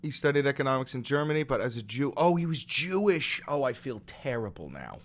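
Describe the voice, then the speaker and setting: A man hosting a comedic reaction video, reading aloud and reacting with loud, sarcastic, swearing outbursts. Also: medium pitch, big pitch swings, a little fast. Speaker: commentary video host.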